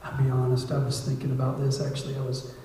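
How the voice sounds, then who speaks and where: A man preaching as a guest missionary in a church sermon, conversational, acting out prayers and dialogue, moving from hushed asides to loud appeals. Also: mid-range voice, completely flat delivery, quick pace, slight background noise. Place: church sanctuary. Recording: echoey church hall, mic at a distance.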